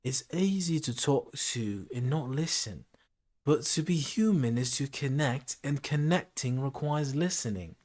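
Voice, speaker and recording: A man putting on an unnamed accent, reading a line slowly and solemnly. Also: medium pitch, expressive, darkish tone. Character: slow, solemn man speaking in a put-on accent.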